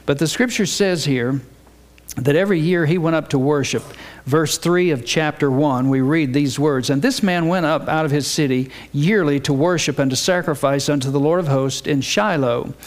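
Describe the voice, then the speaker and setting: A man's voice: on the high side, normal speed. Folksy older male preacher. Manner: folksy storytelling with humorous asides. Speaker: pastor. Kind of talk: sermon.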